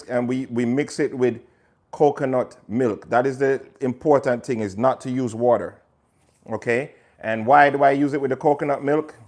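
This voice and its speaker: A male chef chats loosely through a cooking livestream from his kitchen, calling out viewers by name as he works. His talk is casual and rambling, with plenty of "you know" and "right?" thrown in, at an ordinary mid-range pitch for a man. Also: darkish tone. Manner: chatty, talks to viewers by name, pushes his cookbook. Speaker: chef and host.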